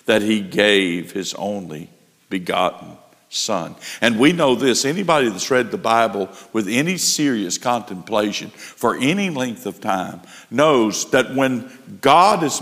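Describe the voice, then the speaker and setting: A man preaching a sermon, slow and emphatic, building in intensity. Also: mid-range voice, fairly bright tone, in a large hall. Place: church.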